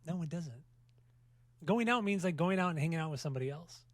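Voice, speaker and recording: A man hosting a casual music podcast, bantering fast and joking with profanity. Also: a little high, lively intonation, no room sound, clean studio sound. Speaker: podcast host.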